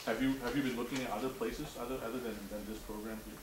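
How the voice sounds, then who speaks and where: A man's voice: medium pitch, fairly even intonation, quick pace. A man running a mock interview at a seminar, often stammering and repeating words while he asks questions. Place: seminar room. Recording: roomy, distant, noisy room recording.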